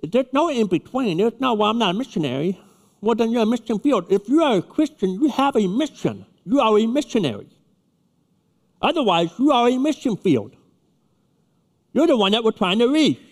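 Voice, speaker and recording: A man's voice: extremely high pitch, big pitch swings, normal speed. A man preaching a sermon to his church, emphatic and repeating his key words. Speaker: pastor. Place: church sanctuary. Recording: long reverb of a church hall.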